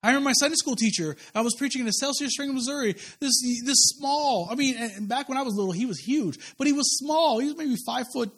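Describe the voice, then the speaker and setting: High-voiced pastor preaching a sermon. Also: male voice, fast talker, few pauses, fairly bright tone. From Kansas, USA. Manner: conversational, humorous asides and repeated rhetorical questions. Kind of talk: sermon with personal storytelling. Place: church service.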